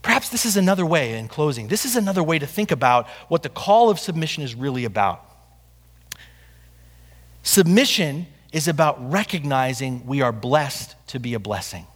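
A male pastor delivers an earnest sermon, his pitch rising and falling animatedly, sitting a little above most men's. Phrases sink low at the end, and a long reverb trails each line through a large church. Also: very animated, normal speed, breathy edge. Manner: earnest preaching with falling cadences at phrase ends.

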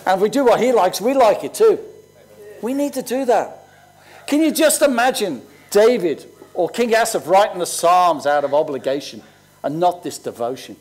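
High-voiced older man preaching. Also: animated, normal speed, a little mellow. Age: 60s. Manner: conversational, storytelling preacher. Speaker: pastor. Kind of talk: sermon with personal stories.

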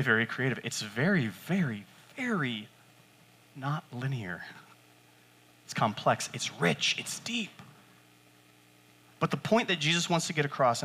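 A man preaching a sermon to his church in a conversational way, acting out quotes and jumping up in pitch for emphasis. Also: fairly bright tone. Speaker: pastor.

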